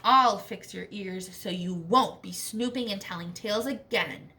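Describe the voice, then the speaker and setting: A woman's voice: medium pitch, measured pace, pitched below the performer's own voice. A woman reading as a scolding storybook alligator. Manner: sharp, scolding. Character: bossy female alligator with big teeth.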